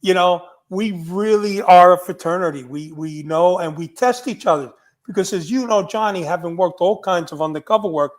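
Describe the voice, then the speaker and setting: A man's voice: sits high, moderate pace. An older man, a retired undercover agent, telling stories in a blunt, emphatic podcast conversation.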